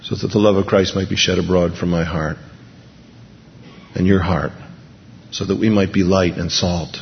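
A man's voice: deep voice, fairly even intonation, moderate pace, gravelly, a little hiss or hum. A man preaching an impassioned sermon in a church hall, building to emphatic repeated peaks. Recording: dull lo-fi recording with long hall reverb.

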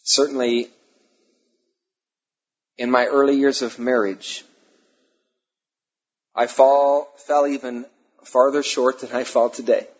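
Man, pastor, sermon, husky, emphatic repetition, muffled lo-fi sound. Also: mid-range voice, little pitch movement. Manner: emphatic preaching with repeated phrases and pauses. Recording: dull lo-fi sermon recording.

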